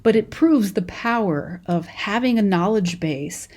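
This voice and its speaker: In this recorded lecture, a young adult professor from California teaches a college class in a conversational, storytelling style, frequently starting over mid-thought. She has a Californian accent and a mid-range voice that sounds animated, unhurried and slightly mellow.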